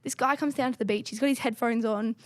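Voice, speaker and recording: Fast-talking woman podcast host. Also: a little high, no room sound. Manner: animated, chatty storyteller. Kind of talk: casual chat.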